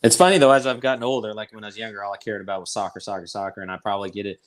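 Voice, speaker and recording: A man with a fairly low voice talks as a guest over a video call. He rambles in a casual, opinionated way, circling back on himself with frequent restarts. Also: fairly even intonation, very fast. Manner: rambling, opinionated sports talk with many restarts. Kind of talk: casual chat.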